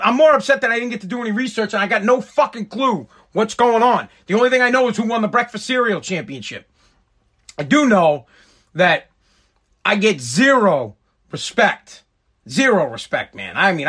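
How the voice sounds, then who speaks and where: A man in his thirties rants alone on his podcast, cursing freely and wandering from one gripe to the next. His voice sits high and swings widely in pitch, bright and edged with a slight husk. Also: slightly rough. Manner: profane, exasperated, rambling. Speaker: podcast host. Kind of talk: solo podcast rant.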